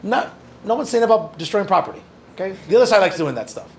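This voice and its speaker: A man from northern New Jersey works through audience questions as a guest journalist, slightly high-pitched and gravelly. He talks in a loose, earnest way and drops in jokes. A faint hiss sits under the voice. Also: expressive, quick pace, a little mellow. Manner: conversational, joking asides, earnest. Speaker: opinion journalist and guest speaker. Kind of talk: audience Q&A talk.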